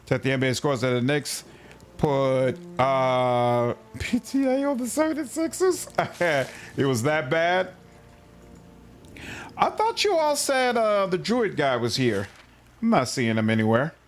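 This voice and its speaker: A man casually chatting through a game livestream, answering his chat in a relaxed way. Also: fairly high pitch, a little slow. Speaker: streamer. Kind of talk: casual gameplay livestream commentary.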